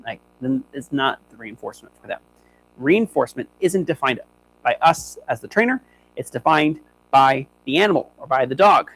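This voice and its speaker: A man's voice: medium pitch, animated, moderate pace, fairly bright tone, poor audio. A young man who trains dogs, demonstrating on a live stream in a chatty, upbeat way and talking to his dogs as he goes. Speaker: dog trainer. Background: faint hum.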